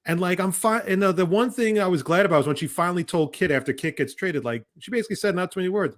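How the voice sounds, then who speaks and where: A man's voice: sits high, lively intonation, fast, few pauses. A man co-hosting a podcast in casual chat, ranting heatedly with profanity and exasperation. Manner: often mimics other people's voices. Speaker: podcast co-host.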